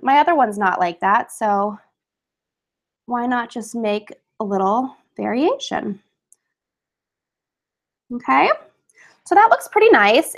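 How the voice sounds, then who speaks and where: A cheerful woman talking through a home craft project on a webcam livestream. She keeps it casual and chatty, with easy fillers and a somewhat high voice. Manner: chatty and upbeat, with laughs and fillers. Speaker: craft webinar host. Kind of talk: casual live craft demonstration.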